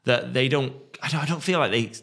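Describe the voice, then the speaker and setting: Halting man musing about his band. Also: medium pitch, vocal fry, fairly bright tone. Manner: halting, repeats words while searching. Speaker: guest musician. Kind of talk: casual chat.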